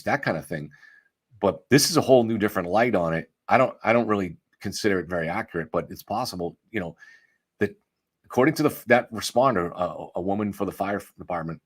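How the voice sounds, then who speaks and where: A man's voice: sits low, brisk, slightly rough. A man reading a magazine article aloud and stopping often to add his own commentary, thinking aloud as he goes. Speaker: true-crime commentator.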